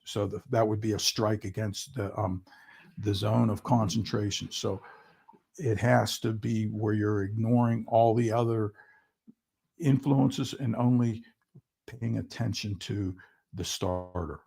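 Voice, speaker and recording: A man with a husky, gravelly voice presents a swim-coaching seminar over slides. He talks in a halting way and often pauses on "um" before restarting a phrase. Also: lowish voice, fairly even intonation, darkish tone. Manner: halting, with frequent ums and restarts. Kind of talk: online seminar talk with slides.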